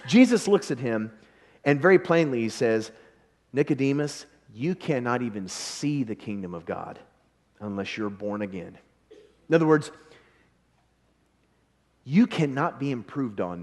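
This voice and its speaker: A male preacher delivering a revival sermon, his voice sitting a little high and swinging widely in pitch. He talks to the congregation in a casual, animated way, slipping into quick impressions of the people in his story. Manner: animated, conversational, acts out quoted voices. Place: church.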